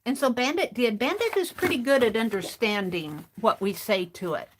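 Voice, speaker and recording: Chatty woman with a lively voice. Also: a little high, moderate pace. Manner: rambling, chatty, restarts phrases. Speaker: craft stream host. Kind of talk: casual storytelling while crafting.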